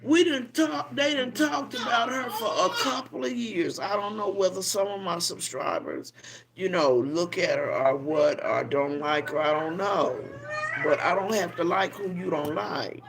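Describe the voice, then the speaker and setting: Older grandmother, livestream host, slow, preachy scolding, gravelly fry. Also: fairly low pitch, slight background noise. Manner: preachy, scolding, drawn-out emphasis. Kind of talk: casual livestream commentary.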